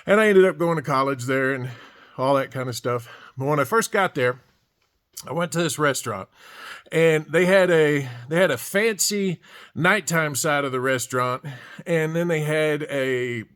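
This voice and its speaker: A man tells a casual, rambling story, repeating words and circling back as he goes. His voice sits a bit higher than most men's. The delivery is loose and folksy. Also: moderate pace, fairly bright tone, clear, resonant tone. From Alabama. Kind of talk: casual anecdote told to camera.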